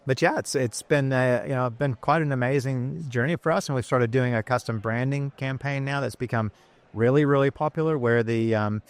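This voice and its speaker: A man tells the story of his business in a loose, conversational interview. He rambles and fills his talk with ums and you-knows, in an easygoing manner. His pitch sits in the middle range. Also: moderate pace. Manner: chatty, rambling, many fillers. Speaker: business founder, guest.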